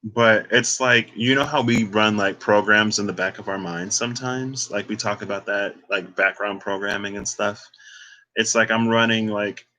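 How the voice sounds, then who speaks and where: A man's voice: on the low side, fairly even intonation, moderate pace, sharp tone, low-quality recording. A man doing a casual livestreamed tarot card reading, talking in a loose, chatty way with sassy asides.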